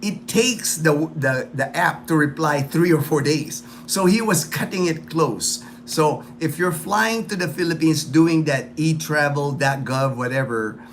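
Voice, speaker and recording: In an unhurried way with few pauses, a slightly high-voiced man from the United States hosts a relaxed livestream chat. He rambles, repeats himself, and fills gaps with fillers, against a bit of background noise.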